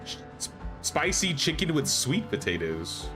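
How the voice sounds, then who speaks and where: With music in the background, a young man's fairly high, very animated voice moves at a slow pace. He's a gaming streamer giving casual live commentary on a survival game, reasoning aloud and often starting over mid-thought.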